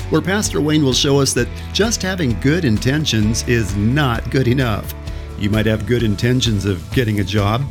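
Male announcer, mid-pitched, smooth scripted intro, guitar music clearly under the voice. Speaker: program announcer.

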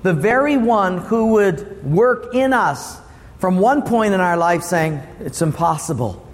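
A man preaching a sermon as pastor, lively and asking the congregation questions. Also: high-pitched, takes it slowly, long reverb tail.

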